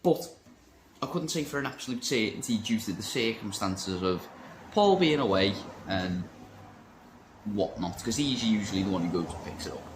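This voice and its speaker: A man's voice: lowish voice, lively intonation, moderate pace, background noise. A man chatting casually in a vape shop vlog, rambling and joking about himself. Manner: rambling, jokey, self-mocking. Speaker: vape shop worker and vlogger.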